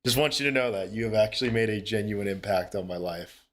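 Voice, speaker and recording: A man's voice: on the low side, quick pace. A young man talking casually to viewers during a live stream, earnest and chatty, swearing freely and laughing often. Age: young adult.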